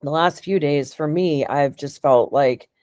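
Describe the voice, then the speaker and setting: Rambling, emotional middle-aged woman, low and dry. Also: unhurried, darkish tone, no echo. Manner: rambling, emotional, laughs often. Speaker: client getting a reading. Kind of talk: casual conversation.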